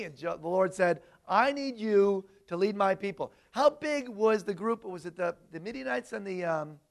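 A man delivers an energetic sermon, his voice pitched notably high for a man. He tosses questions out to his listeners and drives his points home with emphasis. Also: normal speed, vocal fry, few pauses. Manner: animated, asks the audience questions. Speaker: preacher. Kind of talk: sermon to a congregation.

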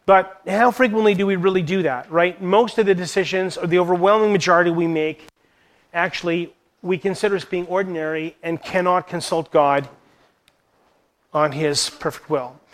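A man's voice: high voice, steady tone, normal speed. A man giving an earnest Bible teaching to church leaders, posing rhetorical questions as he goes. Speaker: Christian teacher.

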